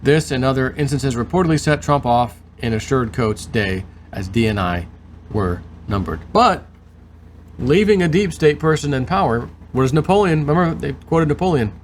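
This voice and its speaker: A man's voice: medium pitch, animated, moderate pace, slight background noise. A man hosting his show, reading news aloud and breaking off into sarcastic commentary. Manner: reads aloud, then adds sarcastic asides. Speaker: host.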